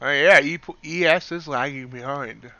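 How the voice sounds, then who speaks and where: A man giving casual live commentary on the futures market as he trades, excitable and sometimes talking with his mouth full. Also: a little high, moderate pace, highs cut off. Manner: excitable, eating while talking.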